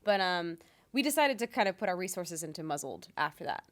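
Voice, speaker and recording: A woman's voice: on the low side, sing-song, brisk, fairly bright tone. Chatty young woman voice actor. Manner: chatty, lots of ums and likes, laughs easily. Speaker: voice actor guest. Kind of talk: casual interview chat. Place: convention interview.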